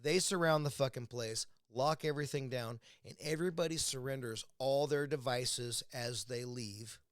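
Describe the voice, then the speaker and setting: A man's voice: mid-range voice, normal speed, no room sound, clean studio sound. A man from the United States delivers a blunt, profane political rant at home over a beer. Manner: angry, blunt, swears constantly. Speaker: vlogger. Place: indoors at home, drinking a beer.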